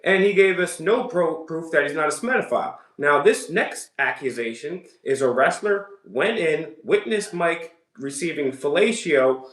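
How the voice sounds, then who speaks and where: A man's voice: fairly high pitch, animated, moderate pace, hardly any pauses, fairly bright tone, reverberant. A man hosting reaction commentary, mocking and sarcastic as he picks apart a story. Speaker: commentary host.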